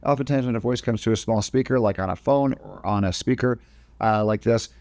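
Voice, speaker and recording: Male tutorial host, low voice, dry close sound, casual explainer who restarts phrases. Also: fairly quick, darkish tone, dry recording. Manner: casual step-by-step explaining, frequent self-corrections. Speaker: video editing instructor. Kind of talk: screen-recorded software tutorial.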